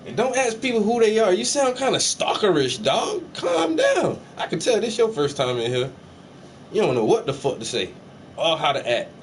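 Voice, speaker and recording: A man's voice: high-pitched, sing-song, normal speed. A man painting on a livestream, bantering with his chat in a joking, profane, teasing way. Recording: slightly distant mic, faint air-conditioner hum.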